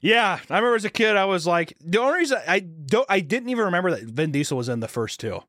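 A man's voice: high-pitched, very animated, fast, fairly bright tone, no echo, clean studio sound. A young man co-hosting a podcast, telling crude stories in casual chat and slipping into mock voices. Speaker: podcast co-host.

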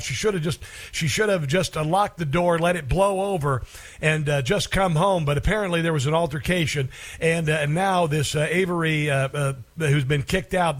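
A man hosting a talk radio show, speaking in a sarcastic, halting monologue full of fillers. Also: on the high side, fairly bright tone.

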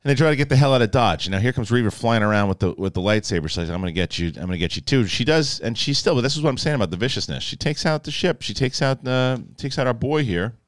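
A man casually reviewing an episode, animated and jokey, acting out the characters in quick asides. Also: medium pitch, no echo, studio quality. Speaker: film and TV reviewer.

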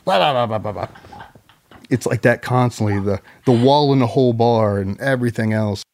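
A middle-aged military veteran telling a long story in a loose, profane way, full of ums and likes. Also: male voice, medium pitch, moderate pace, darkish tone, slight background noise. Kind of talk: casual storytelling.

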